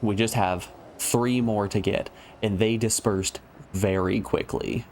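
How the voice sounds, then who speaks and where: A man's voice: lowish voice, fairly even intonation, takes it slowly, vocal fry, a little mellow, slight background noise. A man streaming a video game, joking and thinking aloud in casual commentary.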